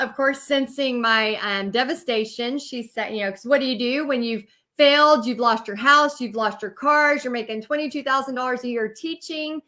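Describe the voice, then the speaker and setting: Bright, high-voiced woman telling her story. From Texas. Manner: emotional, animated storytelling with quoted inner voice. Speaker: host and business coach. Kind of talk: personal storytelling.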